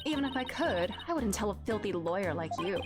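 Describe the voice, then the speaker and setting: A woman's voice: medium pitch, lively intonation, fairly quick, close to an everyday voice. A woman voicing a curt, scornful female robot engineer who dislikes lawyers. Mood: hostile. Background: game music.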